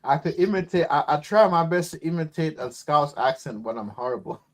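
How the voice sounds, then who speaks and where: High-pitched excitable man. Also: a little fast. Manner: excitable, stammering restarts. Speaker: podcast guest. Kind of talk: casual chat.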